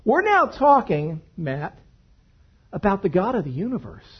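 A man preaching a sermon, telling stories in an animated way to his congregation. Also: a little slow, husky, muffled recording. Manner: animated storytelling preacher, lively pitch. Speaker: pastor.

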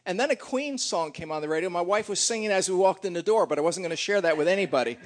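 A man's voice: sits high, lively intonation, quick pace. A middle-aged man leading a church gathering, joking and teasing his congregation in a casual, chatty way.

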